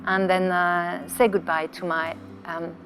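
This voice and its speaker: A woman's voice: fairly low pitch, little pitch movement, a little slow, fairly bright tone, rough recording. A woman talking as a guest in a casual interview, speaking hesitant English with grammar slips.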